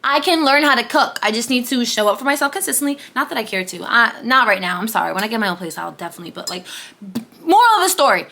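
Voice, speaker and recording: A woman in her twenties giving a chatty, animated motivational vlog, sometimes dropping into whispers and playful asides. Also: a little high, quick pace. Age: 20s. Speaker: vlogger.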